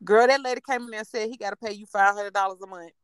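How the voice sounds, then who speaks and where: A woman's voice: medium pitch, racing, clear, resonant tone, no echo. A woman in her twenties, a podcast host, telling stories in casual chat, blunt and profane, acting out what others said. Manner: profane, blunt, vents with quoted dialogue.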